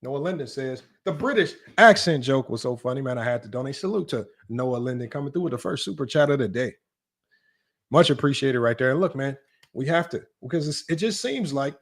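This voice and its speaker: A man hosting a sports debate livestream, talking brashly and teasing his chat in quick casual commentary. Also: mid-range voice. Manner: brash, rapid, teasing, talks straight to chat. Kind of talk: casual live-stream commentary.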